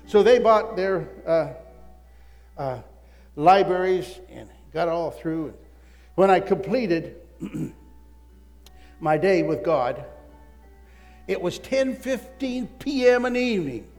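An older man, a literature evangelist, telling a lively personal testimony story that swings between excited outbursts and hushed asides. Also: high-pitched, slow, long pauses. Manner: animated storyteller, voices his wife and prayers, excited swings. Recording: long hall reverb, faint music.

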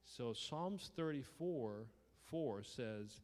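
A man preaching, telling a story from his own life in a lively way, acting out his shouts and the lines of dialogue. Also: medium pitch, extremely slow. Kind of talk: storytelling sermon. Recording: long hall reverb.

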